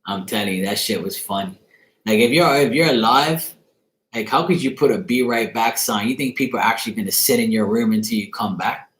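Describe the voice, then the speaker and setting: A man's voice: fairly low pitch, fairly quick, a bit bright. A man hosting a tarot channel, telling a profane story in a casual, laughing rant. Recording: roomy echo.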